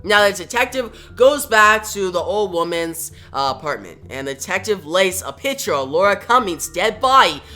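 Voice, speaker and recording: Bright-voiced casual comic reviewer. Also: mid-range voice, sing-song, moderate pace, hardly any pauses, soft background music. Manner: casual storytelling. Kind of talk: comic review retelling the plot.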